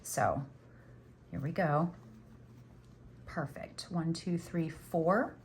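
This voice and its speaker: A middle-aged woman with a low voice speaks very slowly over a slight hiss or hum while hosting a crochet tutorial. She chats casually, jokes at her own expense as she works, and says "y'all."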